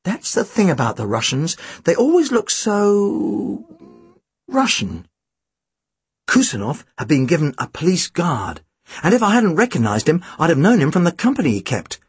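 Brief: male audiobook narrator, husky, lively pitch, dry close sound. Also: fairly quick, no echo. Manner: expressive, animated reading. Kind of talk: first-person storybook narration.

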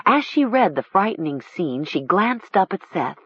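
A woman narrating a storybook in a measured, expressive way. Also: on the low side, husky, no echo. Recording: dull lo-fi recording.

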